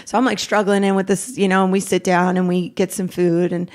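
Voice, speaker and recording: A middle-aged woman, a podcast guest, telling a raw personal story in a rambling, animated way, acting out what each person said. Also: fairly low pitch, fairly quick. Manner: rambling, animated retelling with quoted dialogue.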